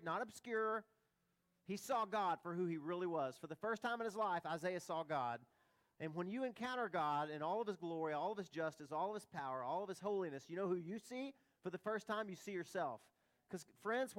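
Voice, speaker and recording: A male pastor delivers a sermon with a fairly high voice. He talks in a conversational way, throwing out rhetorical questions and light humorous asides.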